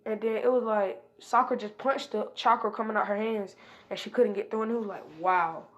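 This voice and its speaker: A woman's voice: on the high side, little pitch movement, fairly quick, muffled recording. A woman casually retelling an improvised fan story, rambling from event to event with lots of hesitation fillers. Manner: rambling, strings events with "and then he was like".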